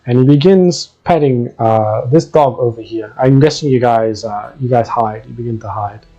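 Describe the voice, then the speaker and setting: Mellow-voiced man running a tabletop game. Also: medium pitch, normal speed, lo-fi sound. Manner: relaxed, filler-heavy storytelling. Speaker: game master.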